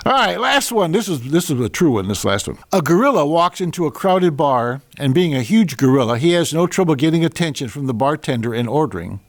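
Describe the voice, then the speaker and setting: A man's voice: a little high, big pitch swings, fairly quick, hardly any pauses, no echo. An older man hosting a podcast, reading jokes and a children's story aloud with chatty asides and small stumbles.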